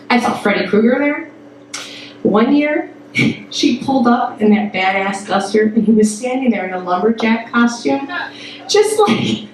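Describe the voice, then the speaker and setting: A woman from Toledo, Ohio, telling a personal story on stage to a live audience, animated and full of swearing, acting out every quote. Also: a little high, a little hiss or hum. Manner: profane, animated, acts out quotes. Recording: echoey hall, mic at a distance.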